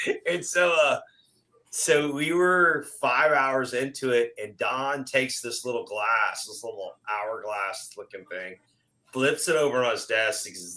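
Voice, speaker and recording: Middle-aged man, bright tone, animated storyteller who acts out the dialogue himself. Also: mid-range voice, unhurried, low-quality recording. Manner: animated, acts out quoted exchanges. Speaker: guest. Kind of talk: casual storytelling chat.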